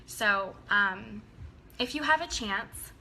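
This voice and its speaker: Bright-voiced woman rambling to her team, lots of ums, faint hiss in the background. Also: medium pitch, animated, slow, poor audio. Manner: earnest, rambling, many ums. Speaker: team leader addressing her downline. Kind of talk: casual talk to her team.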